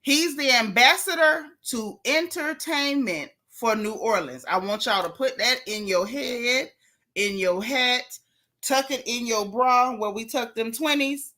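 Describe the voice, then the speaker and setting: A woman's voice: a little high, unhurried, bright, forceful tone. A middle-aged woman, hosting a gossip commentary show in a sassy, emphatic way, talking straight to her viewers. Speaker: host.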